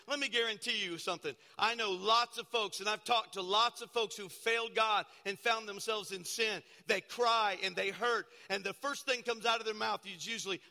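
A man, a pastor, preaching a sermon with dramatic storytelling that swings from loud to hushed. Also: high voice, steady tone, moderate pace, gravelly, few pauses. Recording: long hall reverb.

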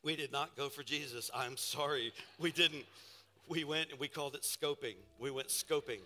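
Animated pastor preaching in a big hall. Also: male voice, on the high side, moderate pace. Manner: storytelling, playful and animated, calls out to the congregation. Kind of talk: sermon. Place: large church hall. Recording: live sermon in a reverberant hall with faint music.

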